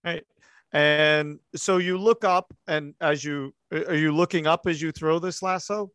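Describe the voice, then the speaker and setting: Slow, measured game master, a man. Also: a little high, fairly even intonation, fairly bright tone, clean tone, dry recording. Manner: measured, unhurried narration. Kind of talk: narrating a tabletop game.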